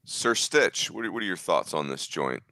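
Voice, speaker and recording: Deep-voiced jokey sports show host. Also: male voice, animated, moderate pace, sharp tone, no echo. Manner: jokey, upbeat, teasing. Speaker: podcast host. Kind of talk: casual sports talk.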